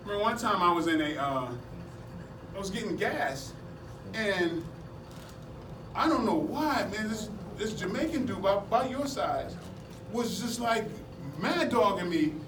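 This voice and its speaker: Animated high-voiced man telling stories. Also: a little slow. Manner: animated, laughs often while telling stories. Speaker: martial arts seminar instructor. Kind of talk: animated storytelling to a class. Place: indoor seminar room at a convention. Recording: echoey room, distant from mic, background noise.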